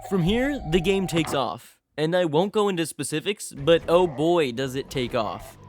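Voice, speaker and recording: A man's voice: a little high, animated, normal speed, soft background music. A young man giving a comedic, scripted video game review voice-over, full of sarcastic hype and crude jokes.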